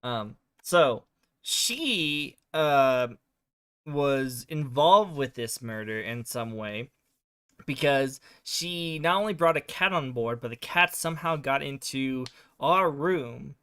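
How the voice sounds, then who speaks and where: A man's voice: mid-range voice, lively intonation, slow pace, bright, forceful tone, smooth, dry recording, studio quality. A male streamer casually recapping a game's story, rambling with lots of fillers. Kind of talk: casual game recap chat.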